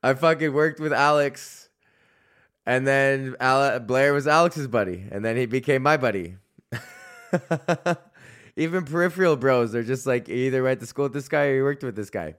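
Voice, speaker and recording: A man's voice: medium pitch, moderate pace, a bit bright, smooth. A man hosting his own podcast, ranting solo in a profane, rambling way that keeps interrupting itself. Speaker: podcast host. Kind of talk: solo comedic rant.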